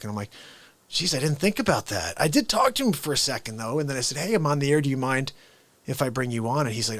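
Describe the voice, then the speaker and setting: A man's voice: on the high side, fast, no echo. A man hosting a daily live variety show, chatting casually and jokily and laughing often as he wanders from topic to topic. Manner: animated, jokey, laughs often, drifts off topic. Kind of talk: casual livestream chat.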